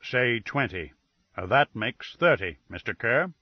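A man's voice: medium pitch, very animated, breathy edge, dry recording, lo-fi sound, heavily acted. Nero Wolfe, a man reading a formal detective. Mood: formal, deliberate. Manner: measured, formal, precise. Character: imperious older male detective, deliberate.

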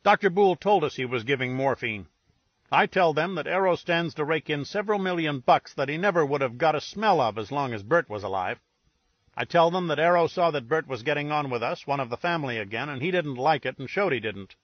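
A man voicing a blunt, crude middle-aged man with a sore jaw, speaking in a breathy baritone. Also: lively intonation, fairly quick, no room sound. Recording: dull lo-fi recording.

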